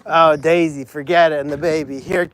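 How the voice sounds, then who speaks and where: High-voiced man chatting on a livestream. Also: steady tone, moderate pace, a bit bright. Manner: chatty, greets viewers and calls animals by name. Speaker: animal sanctuary caretaker hosting a livestream. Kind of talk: casual livestream chat. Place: outdoors at an animal sanctuary.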